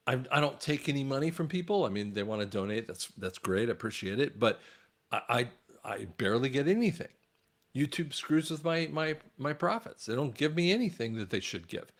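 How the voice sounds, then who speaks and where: An earnest man speaking straight to his online viewers about faith and patience. His voice sits in an ordinary middle range, and he often restarts with a repeated word before pushing on. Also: medium pitch. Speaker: online commentator. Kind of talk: faith talk monologue.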